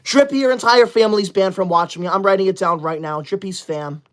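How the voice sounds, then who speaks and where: A woman's voice: medium pitch, brisk. Bossy woman scolding her livestream chat. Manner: bossy, indignant, scolds chat with sudden shouted outbursts. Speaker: livestream host. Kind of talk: casual livestream chat, reading super chats.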